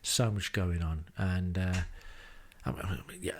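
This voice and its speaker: A man's voice: low voice, steady tone, slow, a little mellow, a little hiss or hum. Wry man narrating a travel diary. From England. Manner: dry, self-deprecating, wry asides. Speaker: podcast host. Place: rented home.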